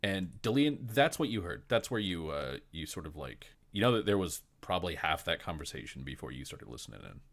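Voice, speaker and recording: Very deep-voiced male game master. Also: sing-song, brisk, hardly any pauses, a bit bright. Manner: casual, filler-heavy narration. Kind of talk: narrating a tabletop game.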